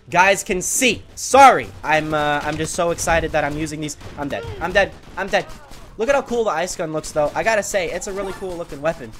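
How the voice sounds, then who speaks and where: A man giving excitable live commentary over his own gameplay, often shouting and repeating himself when hyped. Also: a little high. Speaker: gaming video creator.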